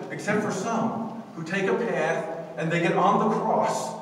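A man's voice: on the high side, a little hiss or hum. A man preaching a sermon as pastor, emphatic with call-and-response, recorded from a distance in a church sanctuary. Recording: echoey hall from far off.

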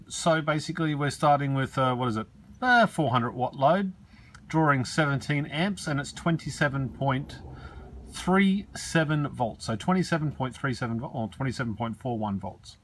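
A man, casually talking through a home battery test and reading out meter numbers in an offhand way. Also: mid-range voice. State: out of breath. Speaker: DIY battery vlogger. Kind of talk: casual video demonstration.

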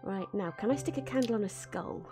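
A woman streaming a building game, chatting casually and giggling, with frequent excited gasps. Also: medium pitch, brisk, music in the background.

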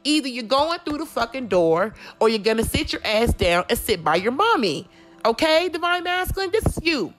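A woman's voice: high-pitched, very animated, normal speed, fairly bright tone, faint music behind. A woman doing a casual tarot reading, talking bluntly and confrontationally with lots of swearing. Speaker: tarot reader.

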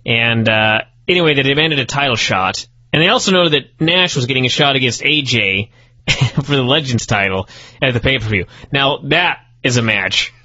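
A man's voice: mid-range voice, expressive, normal speed, bright, forceful tone, no room sound, dull audio. A man co-hosting a wrestling review podcast, sarcastic and profane, working himself up into incredulous rants. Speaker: podcast co-host. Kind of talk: casual wrestling review chat.

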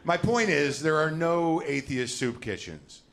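A man's voice: fairly high pitch, lively intonation, measured pace, creaky, a bit bright, slight background noise. A man doing a stand-up comedy routine, ranting and swearing in a self-mocking way. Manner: ranting, profane, self-deprecating.

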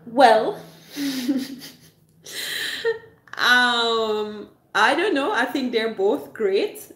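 A woman's voice: on the high side, animated, slow, bright, forceful tone, reverberant. A woman from Switzerland hosting a casual livestream, reading viewer comments and explaining at length with fillers and restarts. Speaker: livestream host reading chat. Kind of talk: casual live chat.

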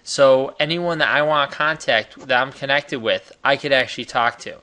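Bright, eager American man hosting. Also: mid-range voice, moderate pace, clean tone. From United States. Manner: enthusiastic, chatty, salesy. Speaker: host. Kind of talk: casual screen-share tutorial.

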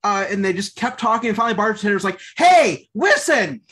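High-voiced man telling halting improv jokes. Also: steady tone, pushed and bright. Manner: halting, restarts, builds jokes slowly. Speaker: improv player. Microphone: video call.

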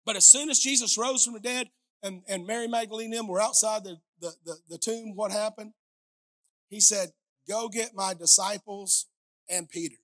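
A middle-aged woman pastor preaching a sermon on a clip-on mic, swinging from soft asides to loud shouted peaks and joking with the congregation. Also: mid-range voice, fairly quick. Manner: playful, talks directly to the congregation. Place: church sanctuary. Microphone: headset or clip-on microphone.

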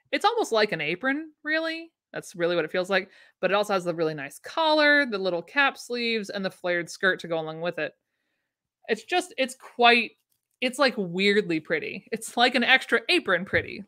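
A vintage sewing pattern host speaks in a mid-range, pushed, bright voice during a casual livestream at home. She chats enthusiastically and takes questions from viewer comments.

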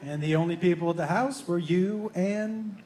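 A man doing stand-up, telling a story in an animated, profane way and acting out both sides of a conversation, on a stage before a live audience. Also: sits high, normal speed, echoey room, slight background noise. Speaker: stand-up comedian.

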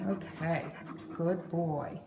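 A woman dog trainer explaining a grooming-table exercise, breaking into loud, excited praise and cues for the dog. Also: on the low side, extremely slow, background noise. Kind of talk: hands-on training demo.

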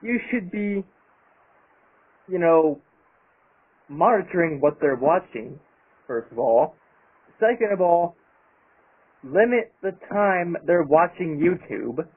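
Speaking slowly with frequent pauses, a YouTuber unloads on his channel in an angry monologue full of swearing and emphasis. His slightly high, husky voice is expressive, though the recording comes across tinny and phone-like.

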